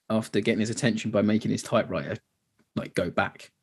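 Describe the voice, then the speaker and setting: A man's voice: lowish voice, fairly even intonation, fast, husky. A man from England co-hosting a podcast, chatting casually about a war film and acting out its lines. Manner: chatty, laughs, acts out quoted dialogue. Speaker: podcast co-host.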